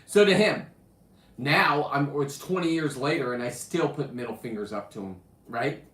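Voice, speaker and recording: A man's voice: mid-range voice, normal speed, roomy sound. A man hosting a show, telling brash, profane diving stories in a boastful, swinging voice. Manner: brash, profane and boastful, swinging between loud bursts and mutters. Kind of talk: profane casual storytelling.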